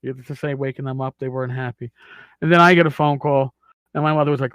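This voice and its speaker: A man's voice: medium pitch, steady tone, fast talker, fairly bright tone, clean tone, no echo, muffled recording. A man with a Queens, New York accent hosting a podcast, telling profane, rambling stories in casual chat. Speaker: podcast host.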